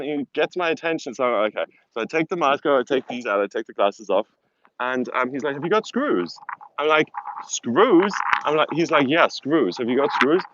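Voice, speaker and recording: This vlogger, a man whose first language is German, speaks with a South African accent in a medium-pitched, bright, forceful voice. He's live-streaming from a hilltop outdoors on his phone, rambling and poking fun at himself. The phone audio is dull and lo-fi, with wind noise.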